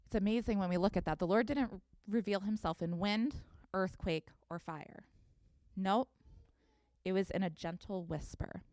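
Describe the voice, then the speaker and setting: A woman pastor in her thirties preaching a sermon, telling a scripture story with expressive reading. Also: medium pitch, normal speed, no echo, clean studio sound.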